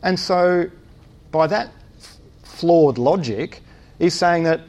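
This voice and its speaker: Man preaching a sermon, fairly high voice. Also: slow, darkish tone. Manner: thinks aloud with many fillers and restarts, asks rhetorical questions.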